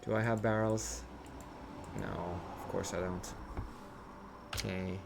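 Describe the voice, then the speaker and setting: A man's voice: deep voice, steady tone, slow, vocal fry, background noise. A man streaming a building game, rambling and questioning himself as he thinks aloud. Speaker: gameplay streamer. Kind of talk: casual gameplay commentary.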